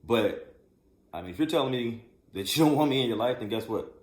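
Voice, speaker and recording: A man co-hosting a relationship podcast, speaking in a reflective, measured way with many fillers. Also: mid-range voice, expressive, darkish tone. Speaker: podcast co-host. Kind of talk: casual chat about relationships. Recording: echoey room.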